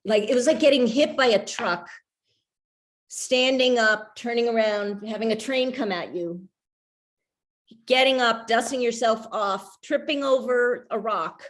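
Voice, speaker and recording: Middle-aged woman at a book reading, candid storyteller, halting with fillers, quick to laugh. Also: on the high side. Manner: candid, hesitant with many fillers and restarts, laughing. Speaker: author discussing her memoir. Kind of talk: casual talk at a reading.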